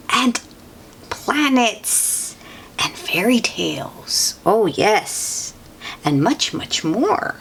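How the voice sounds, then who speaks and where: A woman reading a children's picture book aloud, expressive and adding her own asides. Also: a little high. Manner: expressive, adds gasps and asides. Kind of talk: read-aloud storytelling.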